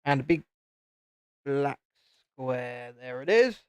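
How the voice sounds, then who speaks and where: A British man in his late thirties chats casually on a live stream as he builds. He rambles and restarts his sentences, and his voice sits at a middling pitch. The sound is dry and close. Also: animated, slow, smooth, dry recording. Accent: British English. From United Kingdom. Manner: rambling, chatty, self-interrupting. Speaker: YouTube channel host.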